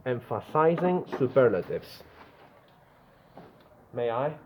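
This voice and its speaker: A man's voice: medium pitch, big pitch swings, slow pace, darkish tone. A man teaching a grammar lesson to a classroom, often checking in with the students with "yeah?". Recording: echoey room, tinny phone-like sound, faint noise.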